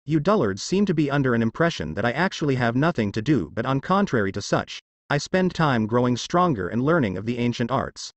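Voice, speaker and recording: Cold mocking god-king, man reading it, lively delivery, dry. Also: mid-range voice, brisk, few pauses, no room sound, highs cut off. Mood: scornful. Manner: calm, scornful taunting. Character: cruel, mocking male king of gods.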